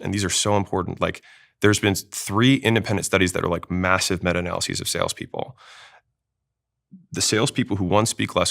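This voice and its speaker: A man explaining sales technique in a panel discussion, talking fast and emphatically. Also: sits low, vocal fry, fairly bright tone. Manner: fast, emphatic teaching delivery. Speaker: sales expert guest.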